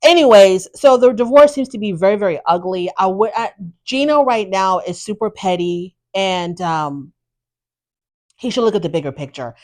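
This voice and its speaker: A woman hosting a podcast, casually recapping a reality show with blunt, animated opinions and exasperated asides. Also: mid-range voice, moderate pace. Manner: animated, exasperated, talks straight to the subject.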